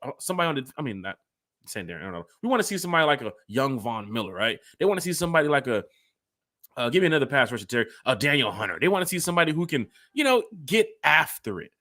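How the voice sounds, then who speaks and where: Talking straight to his co-host, this sports fan podcast host rambles in an animated, casual manner. His voice sits in the mid-range, and he races through his words.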